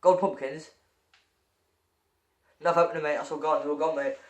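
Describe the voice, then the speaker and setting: A man giving excitable gaming commentary while chatting with a friend, stammering and repeating himself. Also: fairly high pitch, moderate pace. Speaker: gamer opening loot crates.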